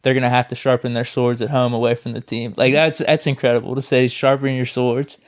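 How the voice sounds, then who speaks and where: A man with a smooth, resonant, mid-pitched voice co-hosting a sports podcast. He talks with easy enthusiasm but stops and restarts his sentences often. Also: fairly even intonation, quick pace. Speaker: podcast co-host. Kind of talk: casual sports podcast chat.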